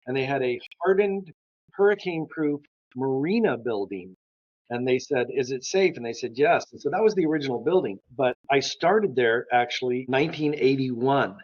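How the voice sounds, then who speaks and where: Older man telling lively anecdotes. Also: medium pitch, moderate pace, dry recording. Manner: enthusiastic anecdotes, acts out dialogue. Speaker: guest art historian. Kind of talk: storytelling interview. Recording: slightly dull lo-fi sound.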